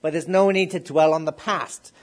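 A man's voice: on the high side, moderate pace. A middle-aged man preaching a sermon. He asks the congregation questions and builds up to emphatic declarations.

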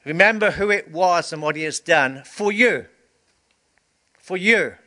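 A man's voice: high voice, lively intonation, measured pace, bright, forceful tone. A male pastor giving a communion sermon, preaching earnestly with emphatic repetition, and sniffling and teary.

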